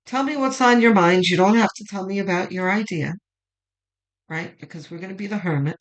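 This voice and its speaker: Speaking a little fast at medium pitch, a tarot reader runs through her weekly reading in an informal vlog, chatty and emphatic, swearing for emphasis and cheering viewers on energetically. The recording is rough.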